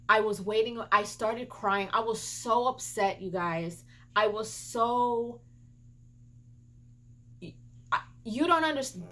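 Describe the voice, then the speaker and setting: A woman vlogger recounts a personal story to her viewers in an animated, emotional telling. She stumbles and restarts often and slips into a sharp, indignant scolding tone. Her voice sits at a middling pitch for a woman. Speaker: beauty and gaming vlogger.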